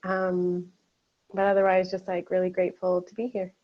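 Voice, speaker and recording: Woman from Canada, flat tone, muffled. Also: fairly low pitch, normal speed. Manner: friendly, slightly nervous. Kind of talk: video call check-in. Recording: muffled video-call audio.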